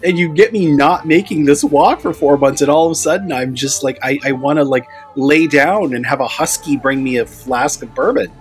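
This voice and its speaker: A man's voice: on the high side, moderate pace, few pauses, faint music behind. A middle-aged man from Canada hosting a film podcast, chatty and self-mocking as he talks with his guest. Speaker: podcast host. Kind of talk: casual podcast chat and intro.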